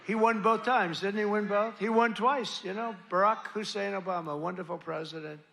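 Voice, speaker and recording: A man's voice: high voice, fairly even intonation, normal speed, gravelly, fairly bright tone, slight background noise. A man giving a boastful, rambling, repetitive rally speech at a podium microphone. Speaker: political speaker at a rally. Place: large rally venue.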